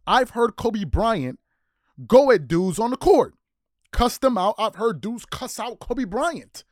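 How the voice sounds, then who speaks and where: Guy going off on a sports rant, high lively voice, aave, dry close sound. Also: takes it slowly, no room sound. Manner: heated, incredulous, repetitive rhetorical questions. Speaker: sports commentary host.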